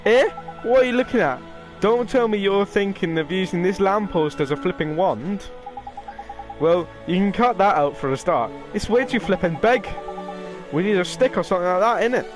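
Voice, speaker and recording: A man's voice: sits high, animated, normal speed, over music, voice pushed up. A man reading game lines aloud as a cheeky little male fairy, trying for an accent. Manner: rough attempt at a regional accent, casual reading.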